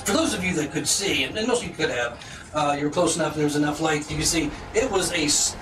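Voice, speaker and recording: A man narrating as game master of a tabletop game, halting with many ums and restarts. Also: a little high, over music. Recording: echoey room, mic at a distance.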